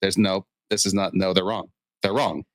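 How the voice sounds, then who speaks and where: A man's voice: low voice, little pitch movement, moderate pace, no echo. A man co-hosting a casual podcast, emphatic, repeating his points and laughing often. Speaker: podcast co-host.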